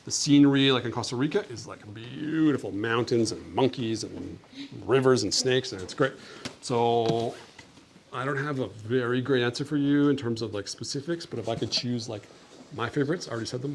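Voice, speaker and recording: A young Canadian man with a mid-range, gravelly voice speaks a little fast, with slight background noise. He's chatting casually with a school class about his travels and answering the children's questions, upbeat and friendly, with plenty of "like" as filler.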